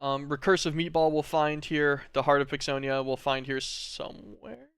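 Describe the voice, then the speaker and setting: A man streaming a game, thinking aloud in relaxed, rambling commentary. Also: a little high, normal speed, smooth, no echo, studio quality.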